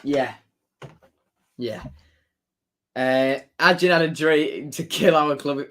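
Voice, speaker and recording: A chatty man talks casually on a live stream, reading viewer comments aloud. His voice sits a little high for a man. He laughs easily and tends to say things twice. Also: slow, pauses often, fairly bright tone. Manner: chatty, laughs often, repeats his phrases. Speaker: football fan streamer.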